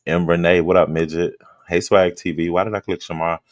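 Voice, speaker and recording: Male streamer, extremely low voice, sleepy late-night drawl, dry close sound, chatting with viewers. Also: a little fast, no room sound. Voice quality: just-woke-up low drawl. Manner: relaxed, greets chat members by name. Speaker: livestream host. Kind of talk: late-night casual livestream chat.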